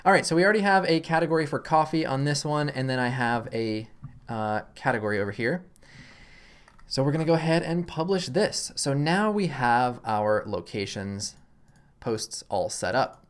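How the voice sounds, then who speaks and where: A man hosting a casual screen-recorded software tutorial, thinking aloud as he clicks, relaxed and self-deprecating. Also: mid-range voice, normal speed, clear, resonant tone. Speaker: tutorial host.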